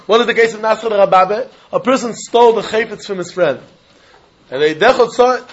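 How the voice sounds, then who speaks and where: Man with a Yiddish-inflected English accent, Talmud teacher, high husky voice, sing-song cadence, muffled lo-fi recording. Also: a little fast. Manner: animated sing-song learning cadence, mixing Yiddish and Hebrew. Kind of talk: Talmud lecture.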